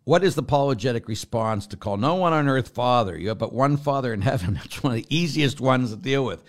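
A man's voice: medium pitch, lively intonation, a little fast. A middle-aged man, a Catholic priest, teaching about faith in a loose, conversational way, drifting into tangents and tossing rhetorical questions at his listeners. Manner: rambling, goes off on tangents, asks listeners rhetorical asides.

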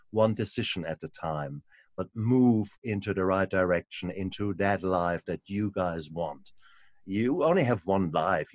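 A man hosting a podcast interview, talking in a halting way with many restarts and repeated words. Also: lowish voice, no echo, clean studio sound. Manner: halting, repeats words, warm encouraging fillers. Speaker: podcast host. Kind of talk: casual interview.

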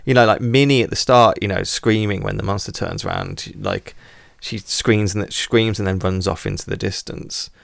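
Gravelly low man rambling about films. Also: animated, normal speed, hardly any pauses, no echo, studio quality. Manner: rambling, many fillers and restarts. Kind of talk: casual film podcast chat.

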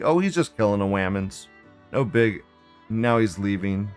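A man hosting a live show, reading forum posts aloud and reacting in an excitable, profane, rambling way. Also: fairly high pitch, normal speed, soft background music. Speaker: livestream host.

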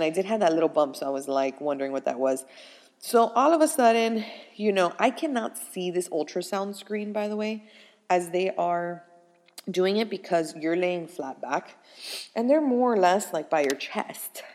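A young woman tells a personal story in an animated, chatty way and keeps filling her sentences with little asides. Her voice sits at an ordinary middle pitch. A long reverb trails behind every line, as though she was recorded in a large hall. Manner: animated and chatty, full of fillers. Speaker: first-time mother telling her pregnancy story.

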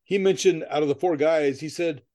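A man's voice: fairly high pitch, brisk, darkish tone. A man co-hosting a podcast in casual chat, telling stories in a rambling way, laughing often and swearing casually. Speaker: podcast co-host.

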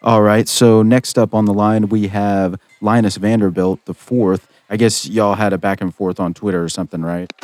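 Laid-back male radio host, low voice. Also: little pitch movement, normal speed, hardly any pauses, darkish tone, dry recording. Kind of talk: comedy radio call-in sketch.

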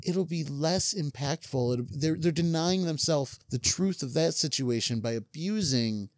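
A man's voice: a little high, lively intonation, a little slow, no echo, clean studio sound. A man co-hosting a comedy podcast in casual chat, ranting in a mock-earnest, opinionated way. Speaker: podcast co-host.

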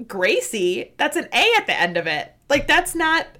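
A woman co-hosting a casual chat, talking in an emphatic, animated, ranting way. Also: sits high, fairly quick.

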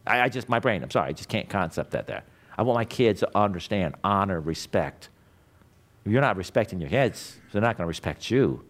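A middle-aged man giving a blunt motivational lecture to a class, emphatic and swinging between loud and quiet. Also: on the low side, expressive, a little fast. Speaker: class instructor. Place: classroom with students.

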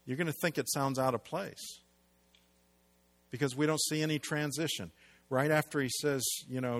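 A male pastor preaches a sermon, swinging between loud, emphatic lines and hushed, low ones. He also puts rhetorical questions to the congregation.

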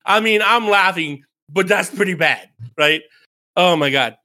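A man's voice: high voice, measured pace, bright, forceful tone. A man co-hosting a casual gaming podcast, reading update notes aloud and joking around with a playful manner. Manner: playful, joking, laughs often. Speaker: podcast co-host.

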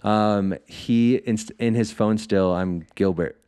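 A man's voice: on the low side, fairly even intonation, slow, warm tone, clean tone. A man guesting on a podcast, telling loose, profane stories in casual chat with lots of "like" fillers. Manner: loose storytelling, swears freely; frequent "like" fillers.

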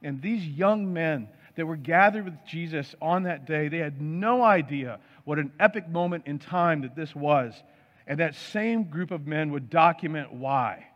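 A man's voice: on the high side, animated, measured pace. Man preaching in a reverberant hall. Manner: emphatic preaching with piled-up word lists. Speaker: pastor. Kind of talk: sermon. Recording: dull sound with long hall reverb.

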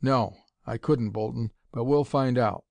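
A man's voice: mid-range voice, unhurried, creaky, darkish tone, no room sound. A man reading an audiobook, voicing an eager, commanding male scientist-detective in a raised, urgent voice. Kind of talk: audiobook character voice.

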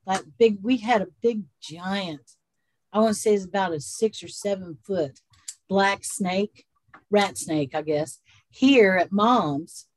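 A woman with a Southern Appalachian accent, co-hosting a casual chat and telling stories in an unhurried, rambling way. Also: medium pitch, slight background noise. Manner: unhurried, rambling storyteller with frequent laughs. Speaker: podcast co-host. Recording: dry close sound.

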